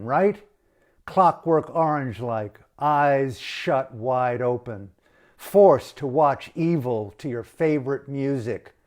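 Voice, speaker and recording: A man's voice: medium pitch, a little mellow. A man in an impassioned, blunt political rant full of profanity, speaking with open outrage. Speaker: activist speaking to camera.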